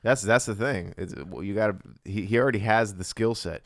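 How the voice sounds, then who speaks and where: A man co-hosting a comedy podcast, laid-back and low-key as he chats and tells stories. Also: brisk, no room sound, clean studio sound. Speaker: podcast co-host. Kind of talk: casual comedic chat.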